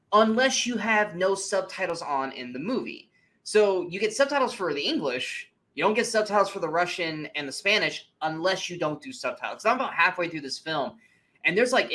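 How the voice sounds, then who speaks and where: A man co-hosts a movie review podcast, his voice pitched a little high. He chats casually, animated and profane, mimicking scenes in mocking voices.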